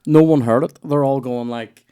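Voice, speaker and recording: A young Northern Irish man chats loosely as a podcast host, spinning anecdotes that wander and restart. He swears freely and talks at an ordinary pitch for a man. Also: normal speed, mellow, clean tone. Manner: rambling, sweary storytelling with lots of restarts. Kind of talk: casual chat.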